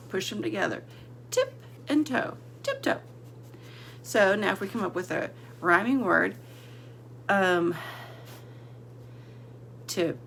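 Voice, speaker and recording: Slow, gravelly-voiced woman teaching young kids. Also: medium pitch, a little hiss or hum. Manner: sounds words out letter by letter, drops to whispers. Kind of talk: slow, deliberate vocabulary lesson for children.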